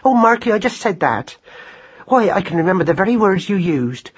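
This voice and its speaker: A man's voice: high voice, normal speed, breathy edge, voice pushed up, exaggerated voice. A man voicing a timid, chattering mother mouse who talks ungrammatically, on a dull lo-fi recording. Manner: ungrammatical, excitable.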